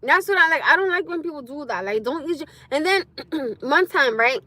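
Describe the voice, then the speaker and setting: High bright lady ranting loud on a phone live from her car, dry close sound. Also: a little fast, no echo. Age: adult with a school-age son. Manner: loud, blunt and animated, laughs often. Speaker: livestreamer. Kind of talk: casual live-stream chat.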